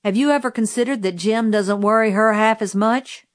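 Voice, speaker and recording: A woman's voice: on the high side, moderate pace, close to an everyday voice. A woman voicing a firm, stern father. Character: firm, calm middle-aged father.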